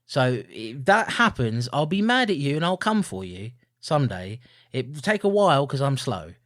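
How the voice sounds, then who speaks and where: A man with a sing-song voice at normal speed co-hosts a podcast, heard in studio quality with no echo. His chat is casual, jokey and rambling, punctuated by mock-grumpy outbursts in sudden loud, high bursts.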